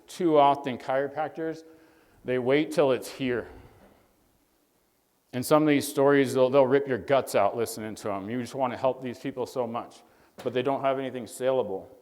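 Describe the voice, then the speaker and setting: Brief: man, mid-pitched, earnest storyteller addressing young doctors from a stage, long hall reverb. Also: steady tone, normal speed, a little mellow. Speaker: chiropractor speaking to young doctors. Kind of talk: motivational stage talk.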